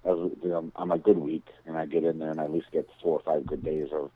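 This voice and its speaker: A man's voice: a bass voice, level tone, quick pace, slightly rough. A man chatting casually as an interview guest, rambling through stories and swearing freely. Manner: rambling storyteller, swears, mimics others. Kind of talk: casual chat. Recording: tinny dry phone line.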